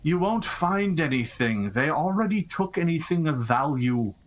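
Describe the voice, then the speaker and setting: A man voicing the tired, dejected ghost of a man in dark robes in a tabletop game. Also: fairly high pitch, expressive, moderate pace, lightly acted. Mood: weary. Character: weary dead man's ghost in dark robes.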